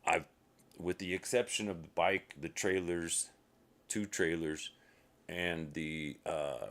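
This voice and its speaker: A solo streamer with a low, fairly even, slightly bright voice speaks slowly in a rambling, casual monologue. He drifts off track, mutters to himself, and uses minced oaths.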